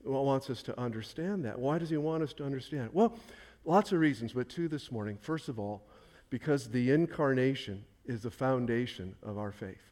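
A man's voice: medium pitch, lively intonation, moderate pace, a little mellow. A man preaching a sermon, emphatic, repeating key phrases for stress and answering his own questions. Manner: asks questions and answers them himself. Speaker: pastor.

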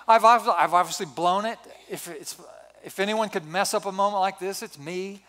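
A man in his sixties, a pastor telling a personal story in a sermon with animated, self-mocking humor. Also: high voice, normal speed. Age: 60s. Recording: reverberant hall.

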